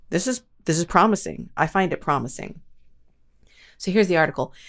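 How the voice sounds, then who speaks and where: A woman's voice: fairly low pitch, big pitch swings, a little fast. A woman hosting a paranormal podcast, chatting casually and making self-mocking asides to listeners. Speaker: podcast host. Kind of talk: casual podcast chat and reading news quotes.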